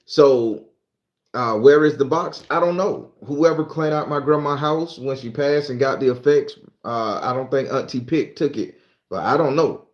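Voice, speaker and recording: Joking livestream host in an echoey room. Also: male voice, medium pitch. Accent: Southern American. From southern Florida. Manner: loose, joking, reads aloud haltingly. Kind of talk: casual livestream chat.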